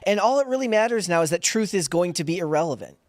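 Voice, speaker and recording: A male co-host in a casual panel discussion, making measured points and pushing back dryly. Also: high-pitched, animated, no room sound, clean studio sound. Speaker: podcast co-host.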